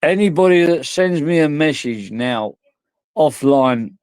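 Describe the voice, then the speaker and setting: A man's voice: fairly high pitch, animated, unhurried, a little mellow, smooth, dry recording. A drunk man, rambling crudely and giggling through a casual vlog chat. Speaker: vlogger.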